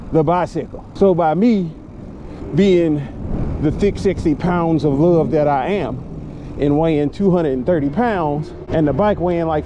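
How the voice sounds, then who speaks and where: A man's voice: high voice, lo-fi sound, background noise. A man riding an e-bike outdoors and vlogging as he goes, joking about himself in loose slang. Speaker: moto vlogger. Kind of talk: casual ride vlog. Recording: music playing under outdoor ride audio. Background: background music.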